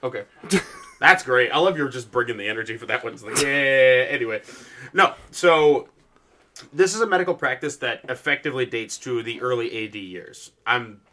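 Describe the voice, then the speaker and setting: Male podcast host, animated, bright tone, laughs and swears; casual banter. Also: medium pitch, normal speed. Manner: lively, swearing, laughs often. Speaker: podcast co-host presenting the topic. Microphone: podcast microphone.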